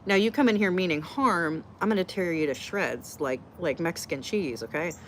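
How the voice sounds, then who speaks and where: A woman's voice: fairly low pitch, normal speed, a bit bright, a little hiss or hum. A middle-aged woman hosting a casual live Q&A, chatty, blunt and joking as she reacts to comments from her viewers. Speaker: livestream host answering chat.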